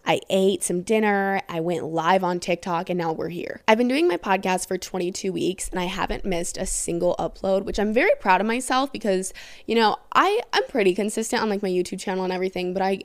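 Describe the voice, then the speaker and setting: A young woman hosts a podcast late at night, sleep-deprived and rambling through a casual story time. Her voice sits at an ordinary middle pitch, and the recording is close and dry with no room sound. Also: brisk, no echo. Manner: rambling, chatty, heavy use of "like". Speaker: podcast host.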